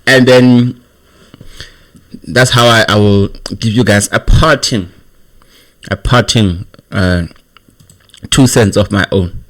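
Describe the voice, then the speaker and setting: A man's voice: fairly low pitch, slow, long pauses. A man giving casual, amused political commentary to his viewers. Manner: chatty, amused, chuckles between points.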